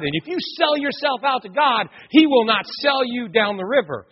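Husky-voiced pastor preaching with animation. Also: male voice, extremely high pitch, normal speed, few pauses. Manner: animated storytelling, addresses the congregation directly. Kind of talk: sermon. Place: church sanctuary. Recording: long church reverb, dull muffled sound.

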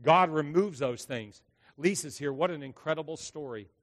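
Male pastor, slightly high voice, dramatic sermon delivery, reverberant church hall. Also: moderate pace. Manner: emphatic preaching with dramatic acted quotes and big volume swings. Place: church sanctuary.

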